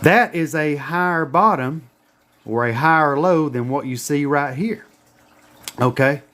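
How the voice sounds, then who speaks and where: High-voiced, profane trading teacher. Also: male voice, measured pace, a bit bright. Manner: profane, emphatic, repetitive. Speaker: trading educator. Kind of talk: casual screen-share lesson.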